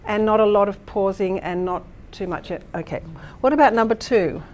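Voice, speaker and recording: A woman presenting a workshop to teachers explains and models a lesson, often using fillers and restarting, and keeps checking in with the room. Her pitch is medium and her speed normal.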